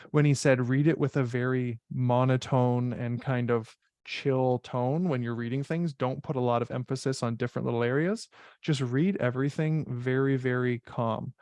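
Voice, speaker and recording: A man's voice: mid-range voice, a little mellow, no room sound. Direct, coaching male exam instructor, dry sound. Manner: direct, coaching, repeats "right?" to check in. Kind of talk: online info session teaching.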